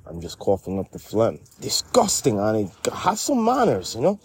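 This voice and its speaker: A man's voice: on the low side, huge pitch swings, normal speed, breathy edge, pitched below the performer's own voice, heavily acted. A man voicing a brash middle-aged character with a Spanish-inflected English accent who calls everyone honey and rambles in street slang. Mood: indignant. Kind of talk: comedy sketch dialogue.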